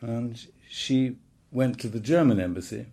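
An elderly man in his eighties shares his reminiscences in a relaxed, wry, anecdotal way. His voice is gravelly, with a soft and mellow tone. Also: medium pitch, unhurried. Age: 80s. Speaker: speaker recounting his childhood. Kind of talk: reminiscing talk.

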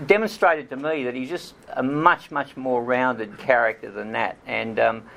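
A middle-aged man tells a story from his own research. His voice has a creaky, gravelly texture. He pauses often on ums and restarts phrases as he goes. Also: medium pitch, a bit bright, a little hiss or hum. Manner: hesitant, many ums and restarts. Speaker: author giving a talk. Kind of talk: storytelling talk.

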